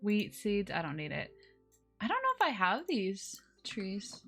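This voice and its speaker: Woman streamer chatting with her viewers while she plays, slow and easy, lots of little exclamations, soft music behind. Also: mid-range voice, wildly swooping pitch. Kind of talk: casual gameplay live stream chat.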